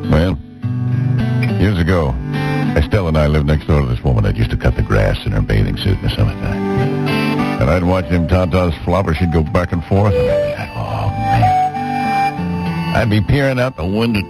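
A man's voice: very deep voice, lively intonation, a little fast, gravelly, rough recording. A man hosting a radio show, telling leering, rambling bawdy stories with chuckles. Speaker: radio host. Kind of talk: bawdy comedic radio talk. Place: radio studio. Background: music bed.

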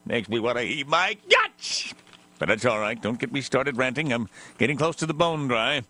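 A man's voice: mid-range voice, very animated, a little fast, sharp tone, dry recording. A man hosting a comic radio show, rambling and ranting in jokes and talking to his dog. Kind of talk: comic radio talk with a sung parody.

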